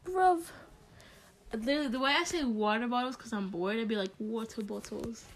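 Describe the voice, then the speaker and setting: This young woman speaks a little higher than most and keeps a playful, giggly tone through a casual chat. She talks freely and jokes around. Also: rapid-fire, fairly bright tone.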